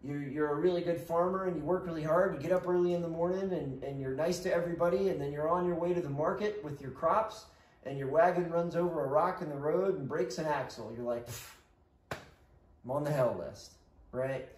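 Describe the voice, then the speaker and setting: A man's voice: fairly high pitch, quick pace, darkish tone, a little hiss or hum. A man teaching a casual co-taught history lesson, conversational and often checking in with listeners. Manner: conversational, checks in with frequent "right?". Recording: roomy sound, mic at a distance.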